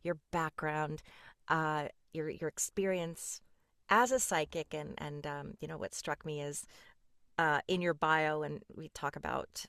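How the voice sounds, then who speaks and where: A woman's voice: low-pitched, steady tone, measured pace, a bit bright, dry recording, clean studio sound. A woman hosting an interview, asking her guest open questions with hesitant restarts. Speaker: host.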